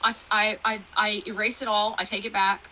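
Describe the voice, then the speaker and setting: A woman from Texas with a Texan accent, telling stories in a rambling, animated way as a guest in a casual interview. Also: mid-range voice, normal speed, poor audio. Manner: rambling, animated storytelling with fillers. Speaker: guest author.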